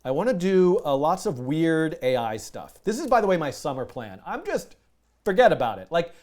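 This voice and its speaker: A man hosting a live coding stream, chatting casually, animated and self-mocking, laughing often. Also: a little high, moderate pace. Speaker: livestream coding host. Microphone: headset with music in his ear.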